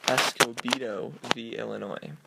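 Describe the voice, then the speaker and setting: A man's voice: mid-range voice, steady tone, unhurried, creaky, heavy background noise. A man reading out short case summaries in a casual way and adding offhand jokey asides between them. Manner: reads formal summaries, then adds offhand jokey asides. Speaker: student presenter.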